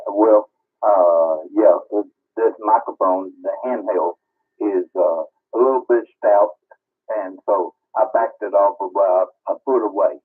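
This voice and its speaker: A man's voice: lowish voice, unhurried, husky. A man calling in to a ham radio net, easygoing and joking in casual chat. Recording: tinny radio transmission.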